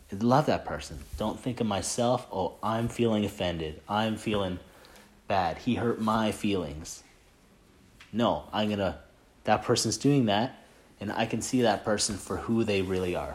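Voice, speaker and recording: A man's voice: on the low side, a little mellow. A man leading a Christian group, giving a casual faith talk and sharing a testimony. He talks earnestly and conversationally, rambling with many filler "like"s and restarts.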